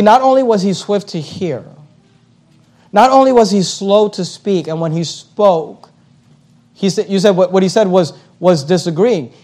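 A male preacher giving a sermon, emphatic and repetitive, his voice climbing to loud high peaks.

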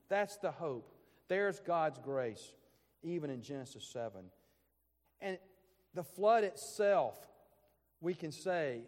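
A male pastor delivering an earnest, emphatic sermon during a morning service. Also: a little high. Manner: earnest, emphatic preaching with repetitions. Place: church sanctuary. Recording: long reverb of a church hall.

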